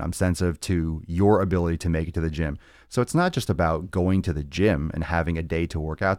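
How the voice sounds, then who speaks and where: A man's voice: low voice, darkish tone, no echo, studio quality. A man hosting a live fitness podcast, talking in a rambling, joking way with plenty of swearing. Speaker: podcast host. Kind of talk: casual live-stream monologue.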